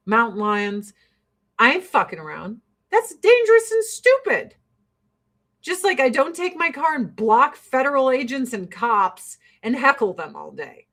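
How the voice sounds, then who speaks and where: Woman host, middle-aged, from the US, fairly high voice, exasperated and blunt. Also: a bit bright. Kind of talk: casual opinion rant.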